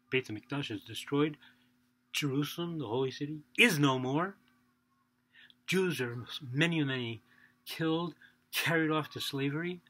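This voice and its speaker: A man tells a story for children, his voice bright with a husky edge. He acts out each character's lines, rising loud and then dropping soft. The delivery is casual and animated. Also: mid-range voice. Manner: animated, acting out dialogue, shifting loud and soft.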